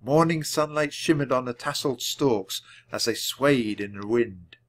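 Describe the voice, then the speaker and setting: A man reading a children's chapter book aloud, clearly and deliberately, for language learners. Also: medium pitch. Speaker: storybook reader. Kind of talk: storybook read-aloud.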